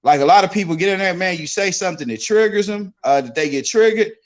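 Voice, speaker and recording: Guy with a high voice chatting loose, keeps saying bro. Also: fast. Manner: loose, repetitive, says bro a lot. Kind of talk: casual chat.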